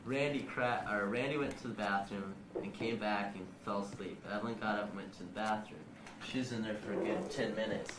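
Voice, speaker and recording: Teen male interviewee, low voice, rambling and crude; distant mic in a roomy, noisy room on old home video. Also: fairly even intonation, fairly quick, hardly any pauses. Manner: rambling and profane. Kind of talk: casual storytelling. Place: indoors in a house.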